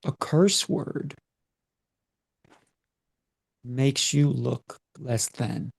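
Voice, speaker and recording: A middle-aged man speaking as a podcast guest, deliberate and emphatic, drawing out key words. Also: mid-range voice, vocal fry, darkish tone, breathy edge, dry recording. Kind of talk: measured podcast talk.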